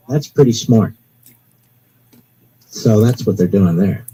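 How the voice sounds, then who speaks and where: A man hosting live talk radio, relaying a police scanner in an excitable, ranting manner. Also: mid-range voice, unhurried, pauses often, slight background noise, low-quality recording. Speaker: radio talk show host.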